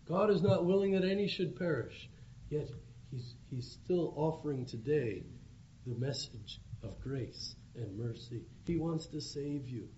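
A man's voice: a little high, expressive, unhurried, warm tone. A man preaching an evangelistic sermon, with earnest, pleading appeals. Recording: dull lo-fi recording with faint background hum.

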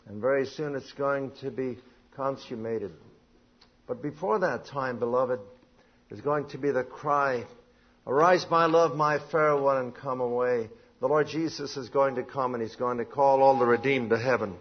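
A man preaching a sermon, reading scripture aloud and building to emphatic, rising points, often clearing his throat. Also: medium pitch, moderate pace, lo-fi sound.

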